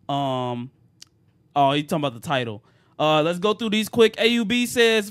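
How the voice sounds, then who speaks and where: A man's voice: high voice, lively intonation, normal speed, a bit bright, clean tone. A young man hosting a podcast, reading out viewer comments in casual slangy chat and laughing with friends. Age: young adult. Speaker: podcast host.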